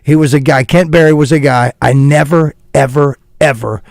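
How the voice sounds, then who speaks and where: A man, co-hosting a morning radio show, speaking earnestly and haltingly with many fillers. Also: fairly high pitch, fairly even intonation, creaky, no echo, studio quality. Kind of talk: casual morning radio banter. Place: radio studio.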